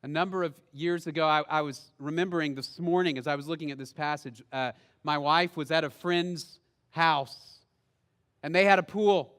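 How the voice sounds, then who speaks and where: A man preaching a sermon as pastor, telling a story with sudden loud bursts and long, hushed, slow phrases. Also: on the high side, clear, resonant tone, long reverb tail. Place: church sanctuary.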